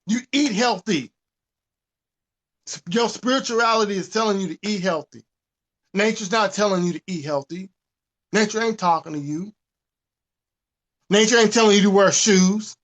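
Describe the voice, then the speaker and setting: A man's voice: high voice, normal speed. A man, ranting with profanity in a casual podcast talk. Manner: animated, profane, preachy. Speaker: podcast host. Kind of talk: casual rant.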